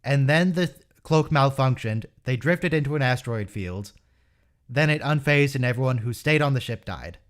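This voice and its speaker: A man's voice: mid-range voice, expressive, normal speed. A man in a casual group chat, eagerly laying out a storyline. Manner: storytelling, explains plot eagerly. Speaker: watch-along participant.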